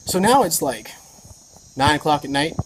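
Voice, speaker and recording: A woman on a motorcycle trip, chatting in a casual video diary, excitable and incredulous, swearing freely. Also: sits low, normal speed, a little hiss or hum, low-quality recording. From Canada. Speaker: motorcycle travel vlogger.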